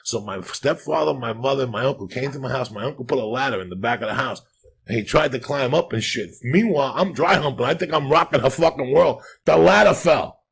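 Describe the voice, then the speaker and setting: A man from Cuba, a podcast host, telling crude comic stories in a profane, rambling, animated way. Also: medium pitch, a little fast, vocal fry, husky.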